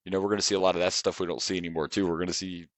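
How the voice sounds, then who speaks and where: A man co-hosting a podcast that reviews wrestling, talking in a relaxed, rambling way with frequent chuckles. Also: sits low, rapid-fire, no room sound. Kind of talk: casual chat.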